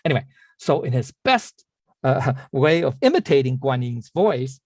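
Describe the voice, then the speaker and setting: A man's voice: mid-range voice, big pitch swings, moderate pace, dry recording. A man telling a story in an online class, rambling, with many restarts, repeated words and apologetic asides. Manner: apologetic asides when losing the thread. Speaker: teacher.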